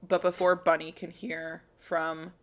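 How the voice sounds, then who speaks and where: A woman co-hosting a casual podcast, retelling a TV episode scene by scene. She slips into quick quotes of the characters' lines as she narrates. Her voice sits on the low side. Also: level tone. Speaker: podcast co-host. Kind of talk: casual chat recapping a TV show.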